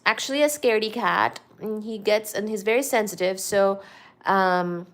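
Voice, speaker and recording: A woman's voice: mid-range voice, normal speed, fairly bright tone. A woman from India with an Indian accent, hosting a casual livestream and chatting with viewers as she answers their comments. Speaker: livestream host.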